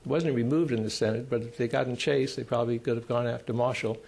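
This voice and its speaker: A man speaking at a conference panel on constitutional law. He explains in a measured way, pausing often, with dry, emphatic asides. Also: mid-range voice, fairly even intonation, vocal fry, darkish tone. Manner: measured, explanatory, with frequent pauses.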